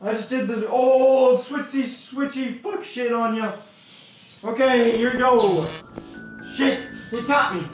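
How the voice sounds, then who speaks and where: High-pitched guy for a comedic VR let's play, brash and loud, in a very echoey room. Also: steady tone, slow pace, soft background music. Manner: brash, loud, trash-talking. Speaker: gamer.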